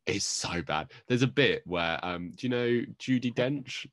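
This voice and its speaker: Brief: male podcast co-host, low voice, very expressive swings, dry close sound, rambling banter. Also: a little slow, no echo. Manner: rambling, animated, joking. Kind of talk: casual chat.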